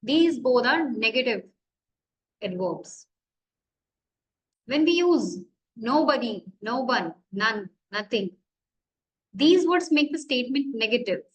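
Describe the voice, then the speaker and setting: Indian english lady teaching a class, high voice, takes it slow, quizzes herself as she goes. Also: expressive, rough recording. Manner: explains slowly, asks and answers her own questions. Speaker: college lecturer. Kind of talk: classroom grammar lecture.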